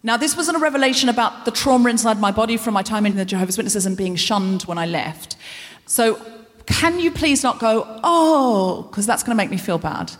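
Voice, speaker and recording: A woman's voice: fairly high pitch, lively intonation, fairly quick, few pauses. Casual woman podcast host riffing nervously at herself, stage mic in a big reverberant concert hall. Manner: anxious self-deprecating rambling. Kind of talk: live stand-up monologue.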